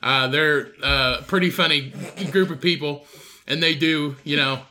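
A young man with a slightly high, bright voice who tells loose, rambling stories. He swears freely and talks in a relaxed, offhand way as a podcast host. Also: measured pace. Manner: rambling, profane storyteller. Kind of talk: casual chat.

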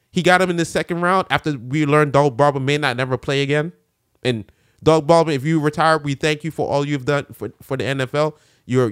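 A man co-hosting a casual sports chat, loud and animated, joking around and swearing freely. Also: on the high side, no room sound, clean studio sound. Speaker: sports podcast co-host.

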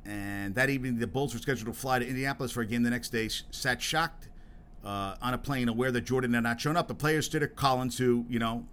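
A man in the middle of a rambling solo podcast monologue, stumbling over his words and cursing freely. His pitch sits in an ordinary middle range. A faint hum of ambience stays behind him. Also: fast talker, a bit bright. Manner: rambling and profane, with frequent restarts; worked up and emphatic. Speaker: podcast host.

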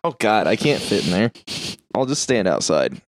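A man's voice: lowish voice, very animated, moderate pace, slight background noise. A man co-hosting a film podcast, tossing in wry jokes during casual chat. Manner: wry, joking interjections. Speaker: podcast co-host.

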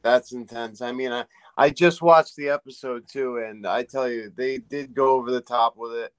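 A man's voice: mid-range voice, fairly even intonation, moderate pace, clear, resonant tone, dry recording. A man hosting an interview, reacting to his guest with brief, sympathetic comments. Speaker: host.

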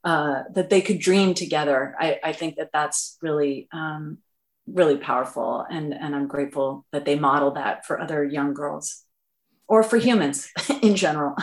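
Low-voiced woman, earnest and halting. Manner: earnest, halting, many fillers and restarts. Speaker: voice actress answering fan questions. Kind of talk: reflective interview answers. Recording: roomy echo.

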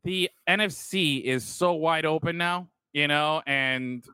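A man with a bright, ringing voice, sitting a little above the usual pitch, talks football in a loose, rambling way, swearing and tossing out "bro". The sound is dry and close, with almost no room in it. It feels like an unscripted chat between friends. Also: takes it slowly, clean tone, no room sound. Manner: rambling, swears freely, calls people bro. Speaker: podcast co-host. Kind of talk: casual sports chat.

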